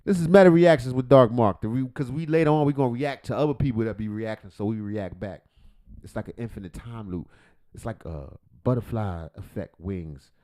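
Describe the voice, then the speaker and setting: A livestream host with a mid-range voice speaks fairly quickly while reacting to videos. He's profane and jokey, rambling along with loud swings in volume.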